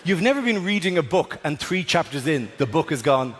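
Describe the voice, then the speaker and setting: A man with an Irish accent doing a stand-up routine, animated, swinging between loud shouted bits and quieter asides. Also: on the high side, brisk. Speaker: stand-up comedian. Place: theatre stage. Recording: live stage recording in a reverberant hall with audience.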